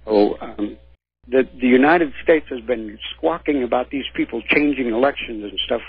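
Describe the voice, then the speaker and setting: Raspy-voiced man calling in by phone. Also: medium pitch, normal speed, no room sound. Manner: lecturing, explains history at length. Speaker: caller. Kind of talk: call-in radio talk. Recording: phone line.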